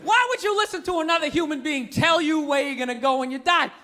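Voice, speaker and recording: A man doing a stand-up routine on a comedy club stage, ranting loudly and exasperatedly with plenty of profanity. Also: very high voice, fast talker. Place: comedy club stage before a live audience. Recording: live stage recording with crowd laughter and noise.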